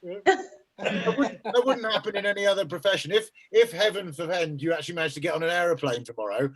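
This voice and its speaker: A man's voice: high-pitched, fast, rough recording. A man in his fifties doing a stand-up comedy set, sweary and self-mocking with rambling asides. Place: online lockdown gig, from home. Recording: loud audience laughter behind.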